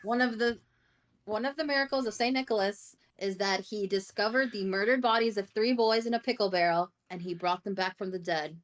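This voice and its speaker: A woman's voice: medium pitch, brisk. A woman co-hosting a casual podcast, explaining things in a matter-of-fact way. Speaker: podcast co-host.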